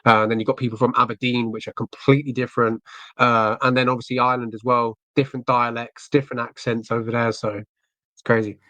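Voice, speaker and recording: A man's voice: mid-range voice, flat delivery, fast, bright, forceful tone, no room sound. A man from England with a southern English accent, chatting casually as a podcast guest in a rambling way with many fillers.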